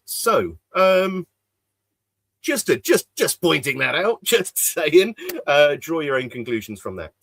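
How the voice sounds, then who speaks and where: A man's voice: a little high, sing-song, slow pace, creaky, fairly bright tone. A man co-hosting a casual podcast chat, rambling with lots of fillers and restarts. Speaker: podcast co-host. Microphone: desk mic in an office.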